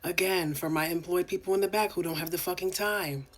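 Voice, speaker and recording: A woman's voice: fairly low pitch, steady tone, fairly quick. A young woman from New York City co-hosting a podcast, ranting bluntly and profanely in casual reality-TV commentary. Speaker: podcast co-host.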